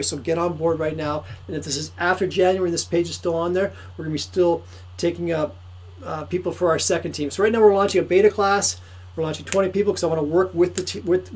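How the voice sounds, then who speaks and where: A man giving an excitable, repetitive motivational sales pitch to camera for his course. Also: breathy edge, low-quality recording. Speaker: course promoter.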